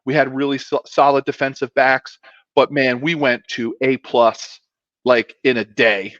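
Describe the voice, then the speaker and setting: A man's voice: mid-range voice, level tone, measured pace, fairly bright tone, dry recording, dull audio. A man in his fifties, a former pro football player, telling a long story as a guest in a casual, rambling way with many asides.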